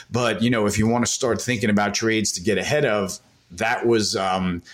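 A man with a somewhat low voice comments on markets as a podcast guest. He talks quickly and emphatically, piling on filler phrases and getting louder and higher when he presses a point. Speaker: macro analyst guest.

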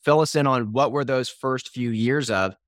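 A man co-hosting a podcast, speaking in a relaxed conversational way. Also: mid-range voice, moderate pace, no echo, studio quality. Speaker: podcast co-host. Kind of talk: casual podcast chat.

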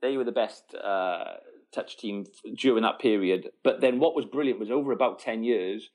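A middle-aged man spins an animated story as a guest in a relaxed interview. He laughs often and keeps restarting his sentences as the story runs on. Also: on the low side, normal speed. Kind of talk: casual storytelling.

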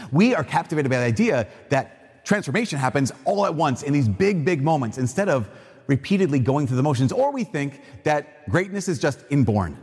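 A man giving a casual, animated sermon, retelling a Bible story and acting out its voices. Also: fairly high pitch, fairly quick, slightly rough. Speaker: preacher. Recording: long reverb in a large hall.

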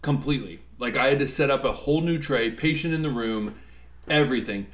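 A man telling work stories in a relaxed podcast chat, jumping into the voices of the people he quotes. His voice carries a noticeable room echo. He speaks at an ordinary mid pitch. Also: fairly quick. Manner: animated storyteller, acts out quotes. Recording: roomy echo.

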